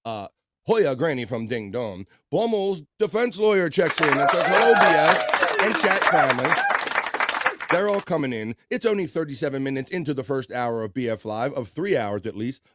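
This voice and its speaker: A man's voice: medium pitch, lively intonation, moderate pace, heavy background noise. A man hosting a casual livestream, chatting loosely and reading out viewer comments with easy laughs. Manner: laid-back, chatty, laughs often, reads chat aloud. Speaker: livestream host.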